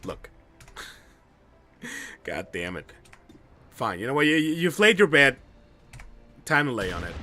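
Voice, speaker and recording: A man streaming a game live, commenting excitedly and swearing at bad luck. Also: mid-range voice, measured pace, pauses often, faint music behind. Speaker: gamer streaming a playthrough.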